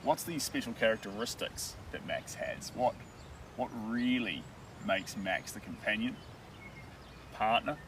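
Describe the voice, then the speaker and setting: Rambling painter, distant and outdoors. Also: male voice, fairly low pitch, expressive, measured pace. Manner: rambling, joking, thinks aloud. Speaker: painter live-streaming a dog portrait. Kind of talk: casual live-stream chat while painting. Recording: distant mic with outdoor noise.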